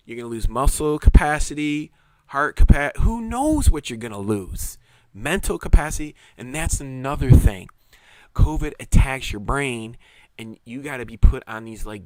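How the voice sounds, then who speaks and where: A man's voice: mid-range voice, dry recording. A middle-aged man telling his own story of surviving a serious illness, rambling and earnest, often repeating himself. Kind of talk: casual personal testimony.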